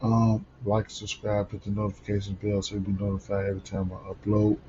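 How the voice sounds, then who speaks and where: A sleepy man talks through his betting picks in a very dark, mellow low voice, circling back with lots of fillers and restarts. The recording is slightly dull and lo-fi, with a faint hiss behind him. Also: completely flat delivery, brisk. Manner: rambling, many fillers and restarts. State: sleepy, yawning early in the morning. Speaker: sports betting host. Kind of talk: casual betting picks rundown.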